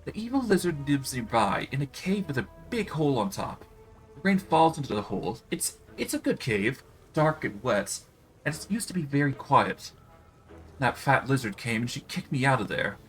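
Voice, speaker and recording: A man's voice: medium pitch, big pitch swings, moderate pace, faint music behind, voice pushed up, lightly acted, poor audio. A man voicing a vain, petulant female demon queen in a video game, whiny and clumsily flirtatious. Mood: smug. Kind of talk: reading game dialogue aloud on stream.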